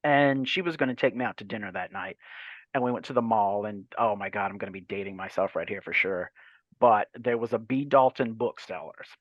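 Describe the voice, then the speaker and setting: Animated storytelling man from Louisiana. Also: fairly low pitch, a little fast, no echo, dull audio. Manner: animated anecdotal storytelling with voiced quotes and swearing. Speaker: guest author. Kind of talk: casual storytelling chat.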